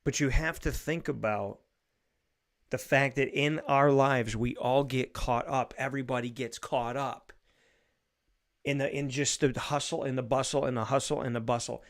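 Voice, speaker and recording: A man's voice: mid-range voice, moderate pace. Earnest man reflecting on faith. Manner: earnest, repetitive, builds to animated bursts. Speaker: show host giving a faith segment. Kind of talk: casual spoken reflection.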